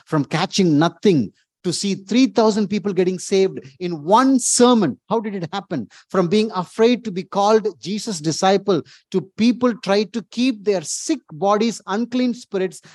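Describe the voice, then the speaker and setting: A man's voice: high-pitched, no echo. Emphatic male pastor preaching. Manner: emphatic, rising to loud exclamations, repeats words. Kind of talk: sermon.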